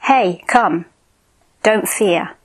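A wise male lion from an old animal fable, calm and unhurried, mixing gentle speech with firmness, voiced by a woman reading the story. The voice sits at a middle pitch with little change from her own. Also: slightly rough. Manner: gentle yet firm, slow and measured.

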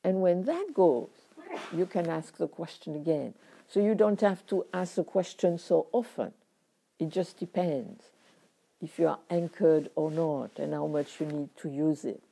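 A middle-aged woman teaching meditation, reflective and unhurried, speaking in short phrases with frequent pauses. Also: deep voice, vocal fry, dark tone, husky.

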